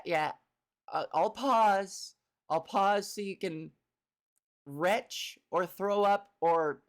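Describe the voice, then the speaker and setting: A woman hosting her own solo comedy podcast, talking casually from home into a microphone, rambling, self-deprecating and swearing freely. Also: mid-range voice. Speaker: podcast host and stand-up comedian.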